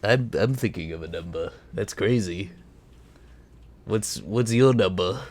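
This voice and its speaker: A playful, crooning celebrity composer , as a man puts on the voice, pitched a little below an ordinary man's voice. The delivery is slow and drawn out, with a teasing, intimate feel. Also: a little mellow.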